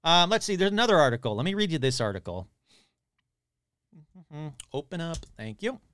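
A man's voice: a little high, big pitch swings, brisk, fairly bright tone, clean tone, dry recording. Man wryly reading an article aloud. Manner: reads aloud with wry asides and grumbles. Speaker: podcast host. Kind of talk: casual podcast reading of an article.

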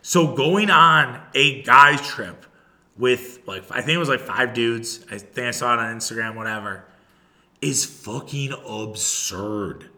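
A man's voice: medium pitch, unhurried. A man in his thirties hosting a podcast alone, ranting casually and profanely straight to his listeners. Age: 30s. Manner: profane, animated, talks to listeners directly. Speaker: podcast host. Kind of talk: casual solo podcast rant.

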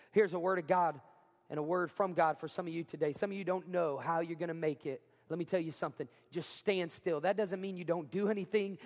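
A man preaching a sermon as pastor, talking conversationally, often asking the congregation questions and acting out quotes. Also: high-pitched. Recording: hall reverb.

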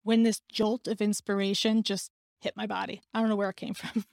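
Podcast host, woman, mid pitch, emotional and candid personal storytelling, dry. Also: level tone, fairly quick, gravelly, darkish tone, dry recording.

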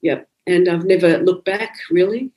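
A woman's voice: fairly low pitch, normal speed, rough recording. A woman, a psychic medium recounting her experiences in a conversational interview, acting out the dialogue she quotes. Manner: animated, acts out quoted dialogue. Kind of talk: conversational storytelling.

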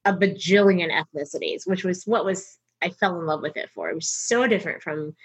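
A woman's voice: lowish voice, brisk, breathy edge. A middle-aged woman from North Texas, a comedian and voice actor, talking candidly in an interview and acting out other people's lines as she tells her stories. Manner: animated storyteller who acts out other people's lines.

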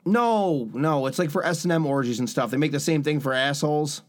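Man, podcast co-host, dry sarcastic jabs, somewhat higher voice. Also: fairly quick. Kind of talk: casual crude chat.

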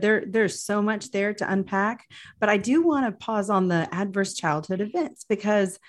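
A woman hosting an interview, affirming her guest before she moves on to the next question. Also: mid-range voice. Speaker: host.

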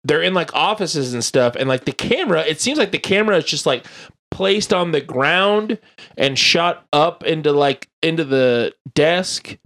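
Chatty, rambling American man, higher-pitched. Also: lively intonation, normal speed, fairly bright tone. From United States. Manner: rambling, lots of fillers and laughter. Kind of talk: casual chat.

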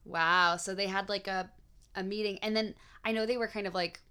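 Bright-voiced young woman co-hosting a chat. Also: mid-range voice, fairly even intonation, normal speed, clean tone. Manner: chatty, giggly, reads aloud from articles. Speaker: podcast co-host. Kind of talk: casual chat.

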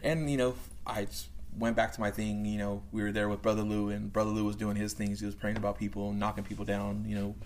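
A man's voice: fairly low pitch, flat delivery, fast, hardly any pauses. A young man who leads youth ministry, telling stories casually and animatedly, laughing and filling his talk with "like" and "you know.". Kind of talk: casual storytelling.

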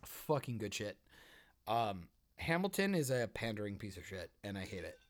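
A man in casual podcast chat who rants with heavy profanity and swings from mumbling to loud outbursts. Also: lowish voice, big pitch swings, normal speed.

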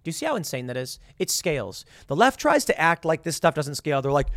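A man giving a heated commentary monologue, his voice riding up and down as he acts out little scenes with sarcastic quoted voices. He sits fairly high for a man and sounds close and dry on the mic. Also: big pitch swings, brisk, hardly any pauses, no echo. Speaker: political commentator. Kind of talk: opinionated monologue.

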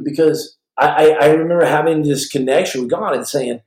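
Forties guy hosting a livestream, rambly and jokey, jumps from loud to mumbly, roomy echo. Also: mid-range voice, expressive, brisk, hardly any pauses. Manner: rambling, jokey, swings between loud bursts and soft mumbles. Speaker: podcast host. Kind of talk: livestream storytelling and reading chat questions. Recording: echoey room.

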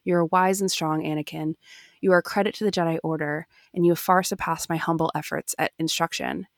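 A woman reading aloud as a calm, wise older male Jedi mentor who speaks gently and reassuringly. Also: deep voice, a little fast, no room sound, clean studio sound. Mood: gentle.

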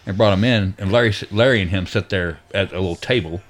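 A middle-aged man from Texas, co-hosting a podcast and telling a halting, rambling story full of restarts. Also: sits low. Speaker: podcast co-host. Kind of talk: casual chat.

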